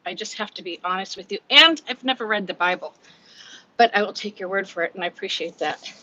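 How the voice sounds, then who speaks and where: A woman's voice: mid-range voice, fast, bright, forceful tone, dry recording, dull audio. A woman in her fifties with a Californian accent, hosting a casual live chat from home, out of breath, candid and chatty, reading comments aloud and laughing often. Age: 50s. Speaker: livestream host.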